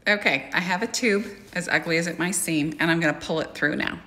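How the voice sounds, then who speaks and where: Casual woman sewing teacher, low voice, step-by-step, echoey kitchen. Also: a little fast, heavy background noise. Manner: chatty, plain-spoken step-by-step explaining. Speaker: sewing instructor. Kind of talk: casual how-to tutorial. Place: home kitchen.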